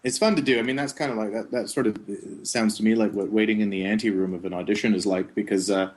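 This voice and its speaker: A middle-aged man, a voice actor, chatting casually in an interview, telling rambling stories with chuckles. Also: on the low side. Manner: slips into quick character voices mid-sentence; relaxed, rambling storytelling with chuckles. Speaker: voice actor guest.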